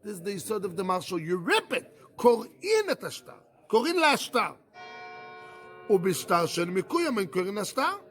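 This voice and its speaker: A rabbi with a high voice leads a yeshiva Talmud class. He teaches by firing rhetorical questions at the room, doubling back to repeat and restart his phrases as he works through the argument. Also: sing-song, normal speed, fairly bright tone, faint music behind.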